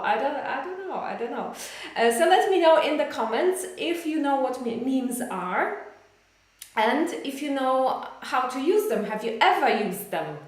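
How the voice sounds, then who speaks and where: A woman's voice: high-pitched, very echoey. A woman with a Polish accent teaching a live online English lesson, chatting with viewers and reading out their comments. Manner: chatty, addresses viewers warmly, reads out comments.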